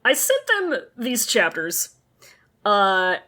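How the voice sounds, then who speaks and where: A woman's voice: mid-range voice, huge pitch swings, slow pace, bright, forceful tone. A woman co-hosting a podcast, chatting casually and animatedly, swearing and laughing often. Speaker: podcast co-host. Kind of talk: casual chat.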